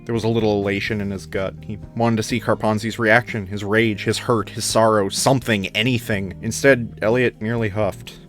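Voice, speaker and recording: A man reading his own comedic fan story aloud in a dry, measured narration. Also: fairly low pitch, flat delivery. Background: faint guitar music.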